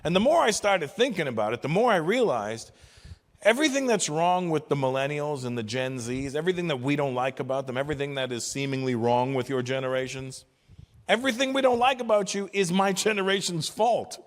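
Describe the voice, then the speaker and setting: A man in his fifties from Canada performs a stand-up set in a profane, animated rant. His speaking voice sits a little high for a man, and his delivery swings between exasperated outbursts and quieter asides. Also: brisk, long reverb tail. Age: 50s. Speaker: stand-up comedian.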